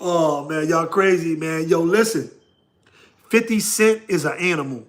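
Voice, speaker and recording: A man's voice: fairly high pitch, a little slow. A man with a New York accent hosting a casual livestream, laughing often and talking slangily to his chat. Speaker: livestream host.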